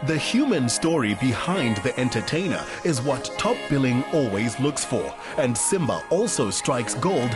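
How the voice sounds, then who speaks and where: A man reads a polished entertainment-show voice-over with a playful touch. His pitch swings widely as he narrates, and clear music runs underneath. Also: very animated, measured pace, hardly any pauses. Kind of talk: scripted TV voice-over.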